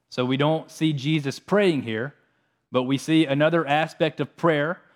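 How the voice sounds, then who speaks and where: A man preaching a sermon, reading scripture passages and explaining them in an earnest, steady way. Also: on the high side. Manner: earnest, reads scripture aloud between plain explanations.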